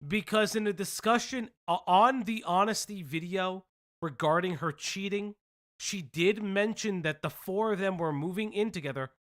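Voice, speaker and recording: A man's voice: high voice, normal speed, fairly bright tone. A man hosting a casual commentary stream, rambling, laughing often and swearing.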